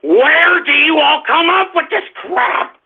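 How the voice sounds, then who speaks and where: A man hosting a radio show, ranting at callers in an exasperated, shouting manner with lots of swearing. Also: extremely high pitch, slow. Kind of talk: ranting call-in radio talk. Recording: lo-fi phone-like audio.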